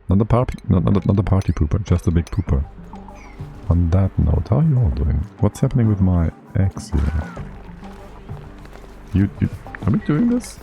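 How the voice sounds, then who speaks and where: A man with a very low, dark voice chats his way through a game on a livestream. He thinks out loud and laughs a lot, with faint music playing behind him. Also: creaky. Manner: chatty, thinks aloud, laughs often. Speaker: streamer. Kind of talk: casual livestream gameplay commentary.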